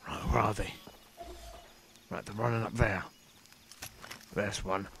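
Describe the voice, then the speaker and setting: A man giving comedic in-character commentary over a video game, swearing constantly and breaking into sudden excited outbursts. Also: on the low side, a little slow, gravelly, a little hiss or hum. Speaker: gameplay commentator.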